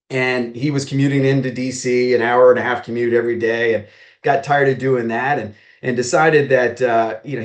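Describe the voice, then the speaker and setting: A man's voice: medium pitch, reverberant. A man from Maryland, a real estate agent, telling stories as a podcast guest and acting out the dialogue he quotes. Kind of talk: storytelling in a podcast interview.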